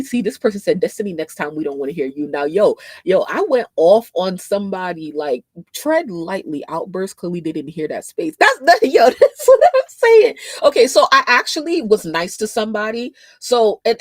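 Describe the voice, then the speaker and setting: A woman hosting a casual livestream, talking bluntly with lots of swearing, moving from quiet explaining to loud scolding of commenters. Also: fairly low pitch, slightly rough, no echo. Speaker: livestream host.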